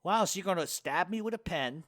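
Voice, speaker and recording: A man's voice: sits high, lively intonation, brisk, fairly bright tone, no room sound. A man hosting a radio show, reading hate mail aloud and firing back with profane, mocking insults.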